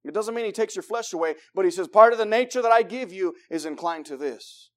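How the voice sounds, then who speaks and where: A man preaching with a fairly high voice. He swings between shouting excitement and near-whispered intensity. He acts out little voices to make his point as he reads and explains scripture. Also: brisk. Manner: acts out voices of God and believers. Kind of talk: sermon.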